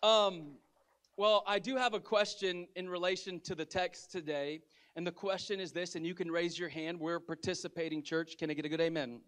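High-voiced pastor with lilt. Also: male voice, moderate pace. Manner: lively storytelling with audience call-outs. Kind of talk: sermon. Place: church sanctuary.

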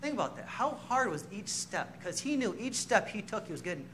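A man's voice: high-pitched, big pitch swings, fairly quick, a bit bright, a little hiss or hum. A man preaching a sermon in a church, telling stories about himself with self-mocking humor and laughing as he goes. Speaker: pastor. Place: church sanctuary.

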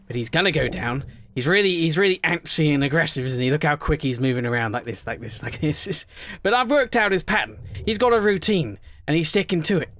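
Jokey let's-play gamer, higher-pitched man. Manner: chatty and jokey, talking to in-game creatures; swings between quiet worry and loud excitement.

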